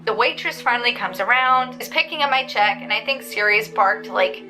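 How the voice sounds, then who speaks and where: A woman's voice: a little high, moderate pace, rough recording. A woman vlogger casually telling a story in a profane, indignant rant, recorded outdoors on a windy day. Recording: music bed under the voice.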